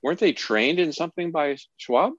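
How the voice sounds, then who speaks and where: A man co-hosting a podcast, talking in a lively, joking way. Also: a little high, moderate pace, no echo, muffled recording. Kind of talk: casual podcast chat.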